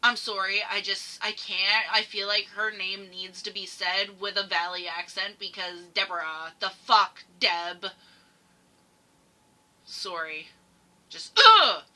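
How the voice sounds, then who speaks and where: A woman's voice: mid-range voice, flat delivery, measured pace, sharp tone. A woman hosting a reaction video, giving emotional, rambling commentary with frequent swearing. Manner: heated, swears often, rambling.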